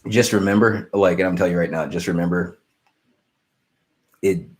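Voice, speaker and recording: A man's voice: low-pitched, fairly even intonation, normal speed. A young man hosting a casual live stream, rambling and apologetic as he answers viewer questions. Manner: rambling, self-interrupting, apologetic.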